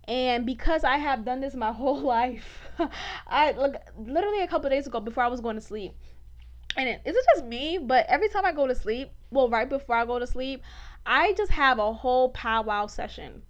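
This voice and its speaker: A woman's voice: high voice, animated, brisk. A woman hosting a faith podcast, talking candidly and with animation, often laughing and saying "like" a lot. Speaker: podcast host. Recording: dull lo-fi podcast audio.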